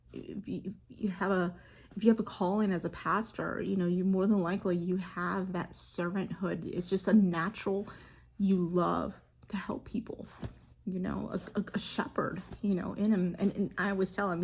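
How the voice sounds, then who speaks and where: A mother speaking earnestly and haltingly to camera, telling a heartfelt story as a devotional reflection. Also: mid-range voice, a little mellow, husky. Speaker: mother sharing a faith reflection. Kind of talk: casual devotional talk to camera.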